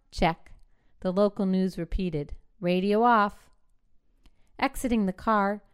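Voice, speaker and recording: A woman reading a short story aloud in measured, clipped phrasing. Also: medium pitch, clean tone. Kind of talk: literary fiction reading.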